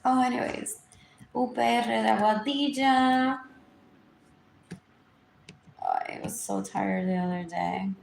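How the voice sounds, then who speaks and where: A woman's voice: fairly high pitch, takes it slowly, gravelly, long pauses, darkish tone. A woman, rambling through a live-stream monologue, repeating herself and dropping into whispers. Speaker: livestream host. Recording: echoey room, faint background noise.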